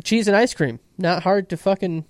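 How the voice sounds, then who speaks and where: A man's voice: high voice, moderate pace, no echo, studio quality. A man co-hosting a podcast, recapping an episode in a laid-back way with swearing asides. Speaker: podcast co-host.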